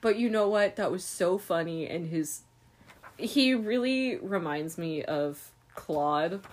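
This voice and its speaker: A woman with a deep, breathy-edged voice co-hosts a podcast, gushing and giggling as she rambles casually about her favorite characters in a laid-back chat about books.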